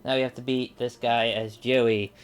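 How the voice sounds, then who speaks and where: A man's voice: medium pitch, little pitch movement, moderate pace, faint music behind. Rambling man commenting on gameplay. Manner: rambling, chatty, many fillers. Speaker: let's play gamer.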